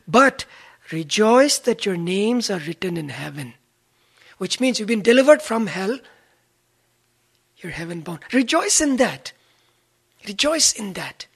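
Husky-voiced preacher. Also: medium pitch. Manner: earnest, repeats key phrases for stress; cites chapter and verse. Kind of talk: sermon.

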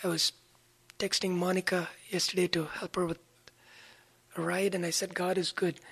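A preacher delivering a sermon in a husky, slightly breathy voice. The delivery is earnest, with scripture references cited by chapter and verse and key phrases repeated for emphasis. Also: mid-range voice, flat delivery, normal speed, fairly bright tone.

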